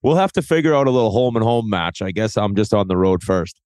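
Brash, self-mocking ex-hockey player. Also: male voice, on the low side, lively intonation, fast, darkish tone, clean tone, no echo. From Scituate, Massachusetts. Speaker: podcast guest, former hockey player. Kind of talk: casual podcast chat.

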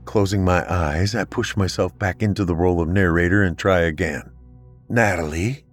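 A man narrating a scripted horror story in a measured, grave delivery. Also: low voice, steady tone, soft background music. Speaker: podcast narrator.

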